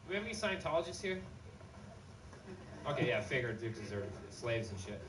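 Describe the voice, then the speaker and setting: Excited, profane male comic on a club stage. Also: mid-range voice, brisk, recorded from a distance. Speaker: stand-up comedian. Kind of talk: stand-up storytelling. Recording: roomy club sound with noise.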